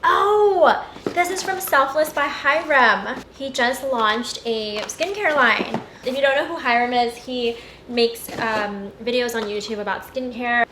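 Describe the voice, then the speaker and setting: A young woman in her twenties chatting casually while unboxing beauty products, gushing and giggling as she goes. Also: a little high. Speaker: beauty vlogger. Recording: echoey room with noticeable noise.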